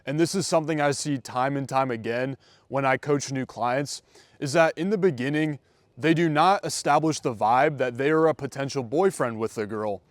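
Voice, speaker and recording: A man's voice: medium pitch, normal speed, no echo. A young man in his twenties, a dating coach giving casual vlog advice and acting out example conversations. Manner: conversational, acts out example dialogues.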